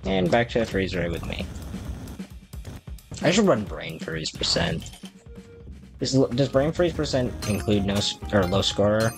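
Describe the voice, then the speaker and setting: A man's voice: lowish voice, sing-song, unhurried, long pauses. A man giving rambling, self-deprecating commentary while playing a video game, chatting to the characters on screen. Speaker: gaming video creator. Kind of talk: casual gameplay commentary. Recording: music playing behind the voice.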